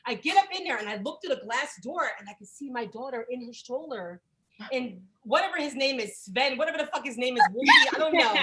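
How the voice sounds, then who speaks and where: A woman's voice: sits high, fast talker. A young woman comedian telling a wild, profane story on a video call, acting out the other people in it. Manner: brash, profane, animated, acts out voices. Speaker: stand-up comedian.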